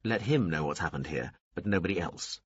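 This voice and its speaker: A man's voice: low-pitched, lively intonation, a little fast, slightly rough, no room sound, pitched below the performer's own voice. A man playing a cold, commanding tycoon. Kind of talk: audiobook character reading. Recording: dull lo-fi dry recording.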